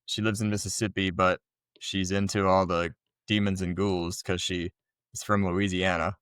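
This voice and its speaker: A man's voice: low voice, moderate pace, clear, resonant tone, no room sound, clean studio sound. A man co-hosting a podcast, chatting casually about a film and swearing freely. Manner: relaxed, swears freely, laughs often. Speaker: podcast co-host. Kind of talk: casual movie review chat.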